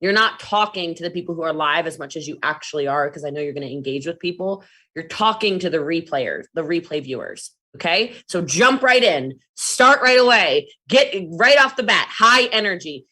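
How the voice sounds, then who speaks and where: Woman, trainer, bright forceful voice, lowish pitch, animated delivery. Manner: fast, animated, jumps between demos and asides. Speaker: network marketing trainer. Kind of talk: energetic training talk.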